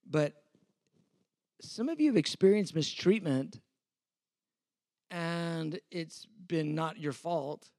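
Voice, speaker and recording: A man's voice: on the high side, lively intonation, takes it slowly, long pauses, darkish tone, no room sound, clean studio sound. A man in his fifties, a pastor, teaching a sermon in a conversational, self-deprecating way, acting out the exchanges he quotes.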